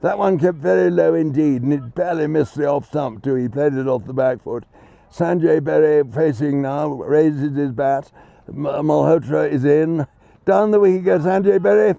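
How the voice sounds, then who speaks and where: A man's voice: on the high side, moderate pace, creaky, mellow, dry recording. Genteel man on cricket commentary. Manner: genteel, chatty, self-deprecating. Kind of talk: live ball-by-ball commentary. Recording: dull lo-fi sound.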